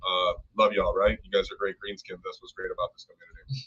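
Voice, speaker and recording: A man's voice: low-pitched, little pitch movement, quick pace, a bit bright. A man co-hosting a casual live stream, talking enthusiastically, rambling and thanking viewers by name. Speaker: co-host. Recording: dull lo-fi stream audio.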